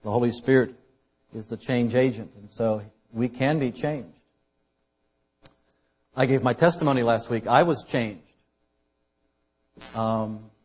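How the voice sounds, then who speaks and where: A man preaching a conversational sermon as a pastor, shifting between loud emphasis and quiet asides. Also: mid-range voice. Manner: conversational preaching, dynamic loud and soft swings.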